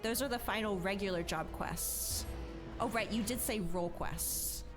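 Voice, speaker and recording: A woman's voice: medium pitch, moderate pace, music in the background. A woman game streamer in casual live-stream chat, emotional and chatty, laughing and close to tears.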